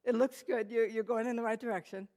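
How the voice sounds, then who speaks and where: A woman's voice: fairly high pitch, fairly even intonation, quick pace, dark tone. Woman sharing a testimony in church. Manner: conversational storytelling, many fillers and restarts, talks to audience. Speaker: guest speaker. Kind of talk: personal testimony to a church audience. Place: church hall.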